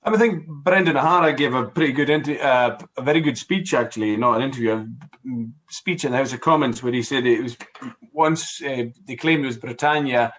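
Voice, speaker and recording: A man's voice: mid-range voice, brisk, a bit bright. A middle-aged man from Scotland, speaking as a guest MP in a casual political discussion, rambling with many fillers, restarts and wry asides.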